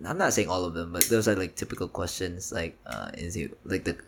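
A man chatting casually as a guest, speaking haltingly with many restarts. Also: deep voice, expressive, a little hiss or hum. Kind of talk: casual chat.

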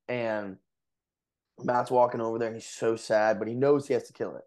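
A young man telling a story on a podcast in loose, rambling style. He fills his sentences with filler words and chuckles between lines, and his voice sits at an ordinary middle pitch. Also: normal speed, long pauses, a little mellow. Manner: rambling, lots of fillers, laughs while telling. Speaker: podcast co-host. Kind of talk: casual storytelling.

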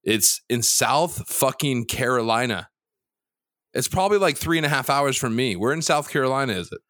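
Brief: cocky male podcast co-host, swears freely, ribs his partner, animated swings in pitch, dry sound. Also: moderate pace, no echo. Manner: loose, profane, teasing, jumps between topics. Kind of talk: casual sports betting chat.

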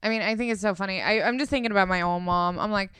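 A woman in her thirties hosting a podcast, chatting in a relaxed way with many "like"s. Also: mid-range voice, very fast, clear, resonant tone, no room sound, clean studio sound. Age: 30s. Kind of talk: casual chat.

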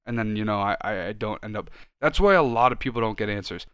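A young man co-hosting a podcast, ranting loudly and cursing in casual chat. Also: lowish voice, quick pace, clear, resonant tone, dry recording. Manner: loud, ranting, profane, gets animated. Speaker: podcast co-host.

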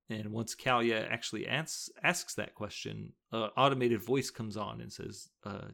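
Gravelly-voiced man recapping a movie. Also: mid-range voice, moderate pace, few pauses, a bit bright. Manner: retells the plot, then argues with rising emphasis. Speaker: podcast co-host. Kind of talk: casual movie-review chat.

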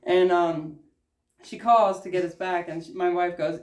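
A man's voice: high voice, moderate pace. A man, a business owner guest on a podcast, telling a story casually and profanely and acting out what people said. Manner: profane, animated storyteller who acts out quotes. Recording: echoey room.

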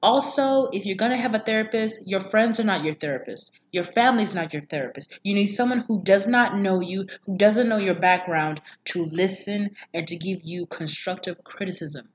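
A woman's voice: medium pitch, moderate pace, few pauses, a little hiss or hum. A woman co-hosting a podcast, chatting emphatically and a bit tipsy. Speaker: podcast co-host. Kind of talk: casual chat.

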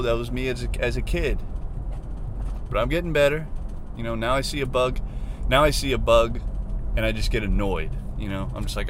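A young man chats loosely from behind the wheel, joking and swearing as he tells a story. His voice sits at a middling pitch. Faint car and road noise stays underneath. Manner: loose, joking, profane, acts out his own reactions. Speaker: vlogger. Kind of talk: casual rambling storytelling while driving. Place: inside a car.

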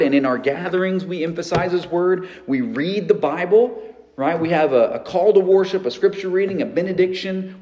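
A pastor preaching a sermon in a conversational way, with everyday examples and frequent restarts. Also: male voice, on the high side, darkish tone.

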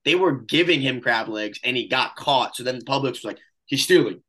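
Casual sports podcast co-host, man, bright forceful tone, swears freely, tells stories. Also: mid-range voice, animated. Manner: laid-back, profane storytelling, quick laughs.

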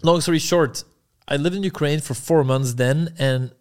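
A man's voice: a little high, moderate pace, darkish tone. A young man as a podcast guest, telling a long story in a casual, laid-back way, swearing freely and acting out what people said.

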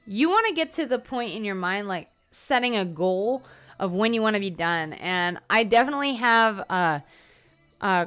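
Her voice smooth, medium in pitch and fairly bright, a tired young woman goes over her workday in a casual solo podcast monologue. She rambles, strays from the topic, and keeps breaking in on herself with fillers.

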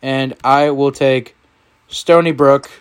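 A man hosting a casual sports picks podcast with friends, running the games in a playful, animated way. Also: mid-range voice, takes it slowly, clear, resonant tone. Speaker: podcast host.

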